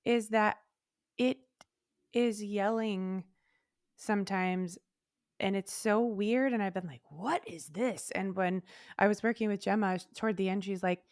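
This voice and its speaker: A woman co-hosting a podcast in casual chat, telling stories in an animated way and acting out her own thoughts. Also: medium pitch, a little slow, pauses often, smooth, dry recording, clean studio sound. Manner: animated storytelling, acts out her own inner voice. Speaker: podcast co-host.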